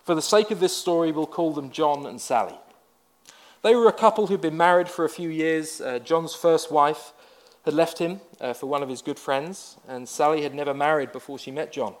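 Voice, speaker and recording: A man's voice: fairly high pitch, moderate pace. Man preaching a conversational sermon. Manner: conversational storytelling with wry asides. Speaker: pastor.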